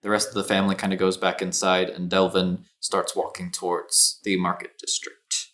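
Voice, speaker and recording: A man with a low-pitched voice narrates a tabletop role-playing game as its game master. He describes scenes at an easy pace and drops in the odd um and uh. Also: moderate pace. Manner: descriptive, relaxed, with um and uh.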